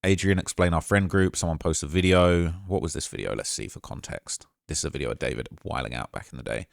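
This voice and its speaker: A man hosting a commentary video, reading out chat messages and reacting to them in a casual, quick-fire way. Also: a bass voice, gravelly, no room sound, studio quality. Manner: fast, casual, talks over quotes with quick asides. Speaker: commentary channel host.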